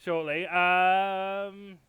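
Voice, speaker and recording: A man hosting a comedy panel, giggly and halting, often restarting his sentences. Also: sits high, little pitch movement, clean tone, no room sound, phone-quality sound. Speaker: quiz host.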